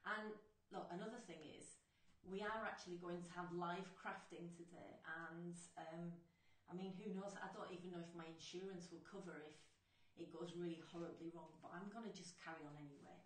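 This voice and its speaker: A woman's voice: fairly low pitch, steady tone, fairly quick. A woman presenting a craft live stream, chatty and apologetic, laughing often as she greets viewers. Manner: loud by nature. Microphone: faulty livestream microphone. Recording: roomy, distant microphone.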